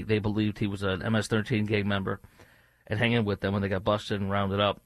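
A man's voice: mid-range voice, a bit bright, no echo. A man guest-hosting a political talk radio show, speaking in a sarcastic, mocking way.

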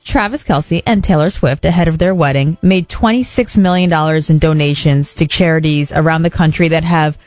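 A woman co-hosting a radio show, chatting casually and playfully with quick asides. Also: deep voice, darkish tone, no room sound. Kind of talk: casual chat.

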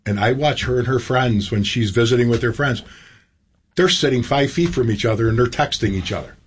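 A man's voice: mid-range voice, fairly quick, slight background noise. A middle-aged man, a veteran guest in an interview, talking casually with many fillers. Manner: casual, chatty, with filler words. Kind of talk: interview conversation.

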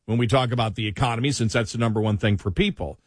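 A man's voice: medium pitch, fast talker, dry recording, studio quality. A man with a Buffalo accent hosting a casual political talk radio show, chatty and full of "you know.".

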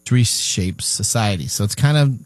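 A man's voice: on the low side, lively intonation, dry recording, soft background music. A man hosting a weekly tech radio show, chatting casually and often stumbling over repeated words. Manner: halting, repeats words when restarting. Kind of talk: casual talk radio banter.

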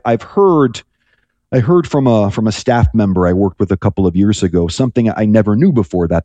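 A man's voice: fairly low pitch, dark tone, no echo. A man who is a priest, guest on a call-in radio show, speaking thoughtfully and rambling with restarts. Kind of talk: reflective radio talk.

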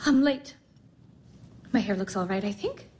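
An actress playing a flustered, gushing young fiancée. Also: female voice, mid-range voice, animated, unhurried, darkish tone, a little hiss or hum, natural voice. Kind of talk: stage-play radio acting.

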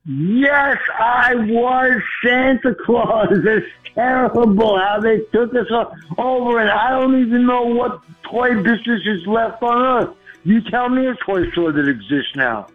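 A man calling in to a radio show, talking in an excitable, earnest way and laughing easily. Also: extremely high pitch, measured pace, faint music behind. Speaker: caller. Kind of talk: call-in radio segment. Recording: tinny phone line.

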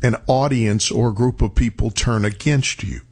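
A man giving a reflective motivational talk, telling stories and slowing down on key words for emphasis. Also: medium pitch, darkish tone, breathy edge. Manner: storytelling, acts out quoted voices, slows for emphasis.

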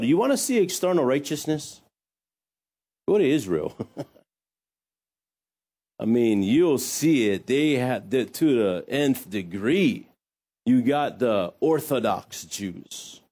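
A man preaching a sermon as pastor, lively, with joking asides. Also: mid-range voice, breathy edge.

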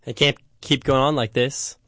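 A man co-hosting a sports podcast, giving emphatic commentary and slowing down to land his points. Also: mid-range voice, flat delivery, a bit bright, dry recording, clean studio sound. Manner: emphatic, slows down for punchlines.

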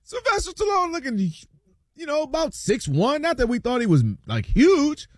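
A man co-hosting a sports talk show, bantering in an animated, playful storytelling way. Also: very high voice, normal speed, dry recording, clean studio sound.

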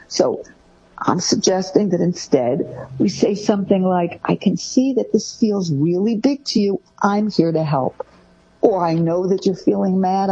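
A husky, breathy woman with a mellow tone hosts a talk and gives parenting advice. Her pitch swings widely as she acts out the phrases parents say to their kids, and the recording is dull and lo-fi. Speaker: host.

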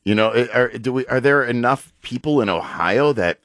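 A man's voice: mid-range voice, expressive, normal speed, fairly bright tone, no room sound. A man co-hosting a radio talk show, chiming in with short dry remarks. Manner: brief dry interjections. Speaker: radio co-host. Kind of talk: casual political talk radio.

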